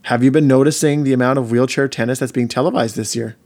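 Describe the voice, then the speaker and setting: A man's voice: mid-range voice, fairly even intonation, fast, a little mellow. Friendly male podcast host. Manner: friendly, restarts often. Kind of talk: casual podcast chat.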